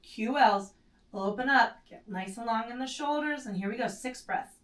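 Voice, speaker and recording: A woman's voice: on the high side, normal speed, far from the mic. Woman pilates instructor, casual cues, strained breathing, roomy echo, a bit off-mic. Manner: cueing while doing the moves, strained short breaths; casual, self-correcting, with fillers. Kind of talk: guided exercise instruction. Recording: echoey room, set back from the mic.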